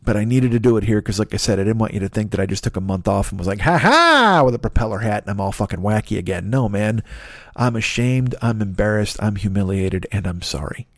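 A man's voice: lowish voice, fairly even intonation, fast, darkish tone, no echo. A man hosting a podcast in a casual solo monologue, rambling and self-critical with many restarts. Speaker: podcast host.

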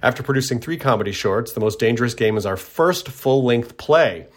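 A middle-aged man from Tennessee chats loosely as a podcast host. He rambles, restarts his sentences and pokes fun at himself, and his voice sits at an average pitch. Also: expressive, a little fast. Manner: rambling, self-deprecating, with frequent restarts. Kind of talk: casual chat.

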